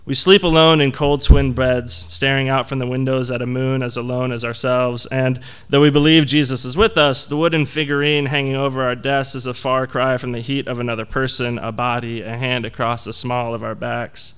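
A man's voice: medium pitch, steady tone, normal speed, few pauses, fairly bright tone, clear, resonant tone. Young male reader, reflective and wry, clean resonant tone. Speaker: essay reader. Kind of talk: reading a personal essay aloud.

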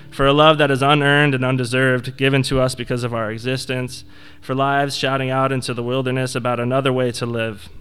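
A man's voice: mid-range voice, fairly bright tone, clear, resonant tone. A young man reading his personal essay aloud to an audience, wry and reflective. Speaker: essay reader.

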